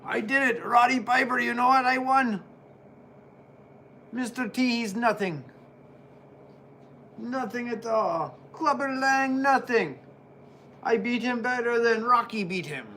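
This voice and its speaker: A man's voice: very high voice, takes it slowly, long pauses, pushed and bright, a little hiss or hum, voice pushed up, heavily acted. A man putting on a boastful, brash male wrestler who gloats about winning. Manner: cocky, bragging, gloating.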